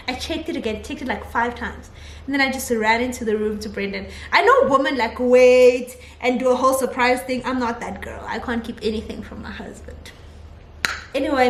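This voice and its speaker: A young woman vlogger telling a personal story in a chatty, animated way, often laughing as she talks. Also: high-pitched, moderate pace. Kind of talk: casual storytelling vlog. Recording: echoey room, faint ambient noise.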